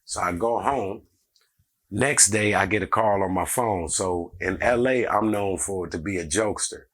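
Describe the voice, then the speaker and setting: Deep-voiced man telling a lively story. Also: a little slow. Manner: animated, acts out every character in the story. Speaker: comedian. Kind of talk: casual storytelling.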